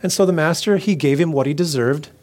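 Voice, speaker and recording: A man's voice: fairly high pitch, fast talker, darkish tone. A man preaching a casual, conversational sermon who retells scripture and acts out the voices in it. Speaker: pastor.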